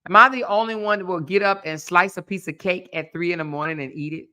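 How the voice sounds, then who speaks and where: A woman's voice: on the low side, fast, sharp tone. A woman, chatting casually and laughing with viewers on a livestream. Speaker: livestream host.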